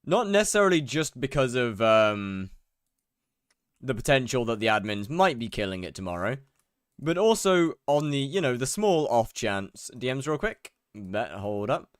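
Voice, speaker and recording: A man's voice: medium pitch, very animated, normal speed, smooth, dry recording, studio quality. A young man streaming a game live, chatting casually and greeting viewers by name as he rambles. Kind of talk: casual live-stream chat while gaming.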